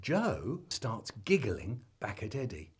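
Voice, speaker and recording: A man telling a comic family story, acting out the children's shouts in an animated way. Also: lowish voice, slow, very noisy.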